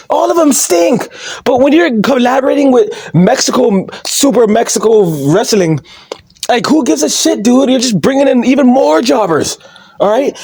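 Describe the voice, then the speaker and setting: A man's voice: extremely high pitch, a little mellow, slightly rough, no room sound, clean studio sound. A man ranting in a vlog monologue, mocking and swearing, laughing at his own jokes and often asking "all right?". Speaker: wrestling commentary YouTuber.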